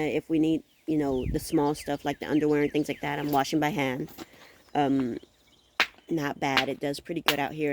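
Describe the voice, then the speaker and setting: A woman's voice: low voice, background noise. A woman vlogging from a rural campsite, telling stories animatedly with gasps and exclamations. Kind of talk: casual vlog chat.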